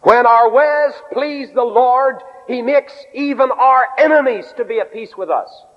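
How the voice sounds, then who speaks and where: A man preaching a sermon in an animated way. He swings his pitch up and down, acts out quoted voices and drops in humorous asides. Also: measured pace. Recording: dull lo-fi recording in a reverberant hall.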